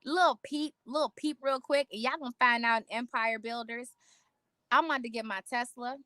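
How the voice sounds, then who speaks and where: A woman talking straight to her viewers, animated and preachy, repeating lines for emphasis and calling them y'all and honey. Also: fairly high pitch, brisk, dry recording, clean studio sound. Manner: casual slang, calls listeners y'all and honey. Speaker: host. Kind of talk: casual motivational talk to viewers.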